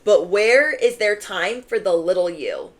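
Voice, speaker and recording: Woman tarot reader, chatty and emphatic, average pitch. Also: very animated, measured pace, a little hiss or hum. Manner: emphatic, conversational, fillers. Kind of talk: channeled tarot reading.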